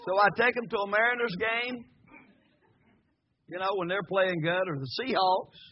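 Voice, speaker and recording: A man preaching to his congregation, folksy and joking, often swelling into shouted hallelujahs. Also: sits high, normal speed, slightly rough, highs cut off. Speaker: pastor. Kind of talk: sermon. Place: church sanctuary before a congregation.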